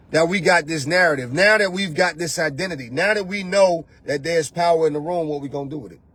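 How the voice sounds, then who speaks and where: This speaker's voice leans high, a little bright and slightly rough. Acting as a spiritual coach hosting a show, he gives a forceful motivational monologue full of repetition and rhetorical questions aimed straight at the listener.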